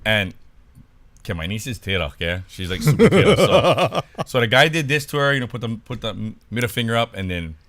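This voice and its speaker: A man's voice: medium pitch, big pitch swings, a little fast, fairly bright tone. A man from Hawaii co-hosting a podcast, telling a funny story in casual chat and laughing along as he goes. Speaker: podcast co-host.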